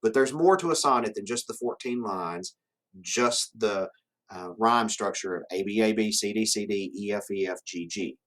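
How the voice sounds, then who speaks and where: Male teacher, lowish voice, lecturing in a classroom, explanatory and checking in often. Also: moderate pace, a bit bright. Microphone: camera in classroom.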